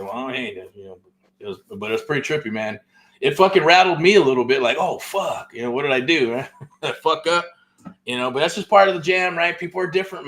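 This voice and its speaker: A man's voice: a little high, a bit bright. A middle-aged man, hosting a real estate show and telling a story in loose, profane casual talk, full of "right?" and "man.".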